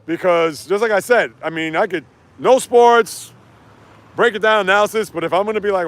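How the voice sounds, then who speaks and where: A man hosting a casual sports livestream outdoors while walking, ranting and reading chat comments in an animated way. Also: sits high, a little fast.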